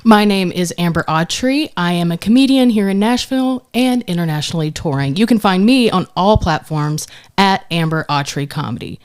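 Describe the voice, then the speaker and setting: A woman's voice: lowish voice, lively intonation, moderate pace, dry recording, studio quality. A woman, a comedian co-hosting a podcast, talking in an effusive, casual way and laughing often.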